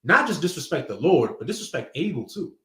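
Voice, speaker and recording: A man's voice: on the high side, very animated, a little fast, pushed and bright. A man teaching a sermon in a casual, slangy, conversational way. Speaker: preacher. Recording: echoey room.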